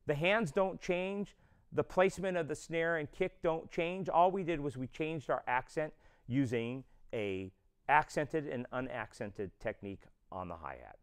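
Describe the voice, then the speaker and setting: A man's voice: fairly high pitch, lively intonation, measured pace, smooth. A man teaching a drum lesson, explaining step by step and counting beats aloud. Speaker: drum instructor.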